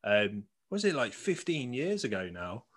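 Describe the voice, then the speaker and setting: Man, casual chat, mid-pitched voice, laughs a lot, film podcast co-host. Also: big pitch swings, measured pace, a bit bright. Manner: chatty, laughs often.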